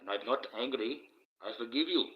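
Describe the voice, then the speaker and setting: A man doing a casual live stream, talking slowly and deliberately through a face mask, with motivational sayings in between. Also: medium pitch, lively intonation. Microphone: cheap phone with the microphone low down. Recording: muffled lo-fi cheap phone mic.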